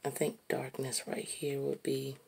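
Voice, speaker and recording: Slow, husky low-voiced woman musing. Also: completely flat delivery. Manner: slow, musing, drifting into soft whispers. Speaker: artist narrating while drawing. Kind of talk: reflective casual monologue.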